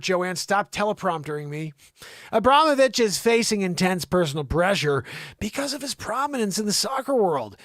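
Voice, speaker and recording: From a home studio with a dry recording, a man hosts an improvised comedy news show. He riffs sarcastically, swinging from sudden loud outbursts to low mutters.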